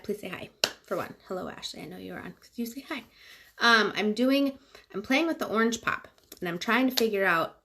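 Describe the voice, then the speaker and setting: A woman's voice: mid-range voice, vocal fry, fairly bright tone, a little hiss or hum. A woman from California chatting casually through a livestream while she does her makeup, rambling with lots of fillers.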